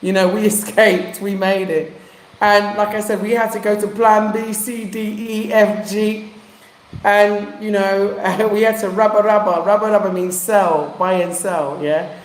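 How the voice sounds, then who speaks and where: A woman's voice: mid-range voice, steady tone, a little slow. A woman from England telling a heartfelt personal story in casual chat, using street slang. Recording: echoey room.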